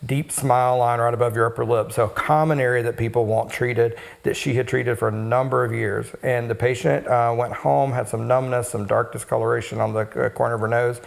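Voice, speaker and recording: A man who works as a cosmetic injector, co-hosting an educational podcast and explaining steadily with frequent pauses. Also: mid-range voice, little pitch movement, creaky.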